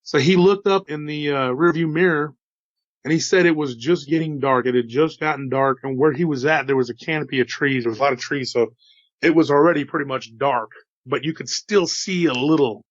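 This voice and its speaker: A man recounting a strange encounter in a casual storytelling manner, slightly hoarse after an illness, dropping "you know" and "dude" as he goes. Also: on the high side, fairly quick, no echo, muffled recording. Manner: relaxed, chatty, says "dude" and "you know". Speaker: storyteller relaying witness accounts.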